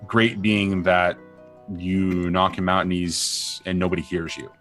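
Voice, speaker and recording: A man narrating a tabletop role-playing game as game master, rambling and halting as he describes the scene. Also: sits low, level tone, fairly bright tone, faint music behind. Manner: rambling, halting, many fillers and restarts.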